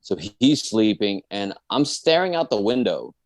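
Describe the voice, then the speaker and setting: On a podcast, a Dallas-area man tells a comic story from his own life as a guest comedian, bringing it to life by performing his friends' voices. He speaks at a moderate pace in a fairly low voice, with a little hiss or hum in the recording.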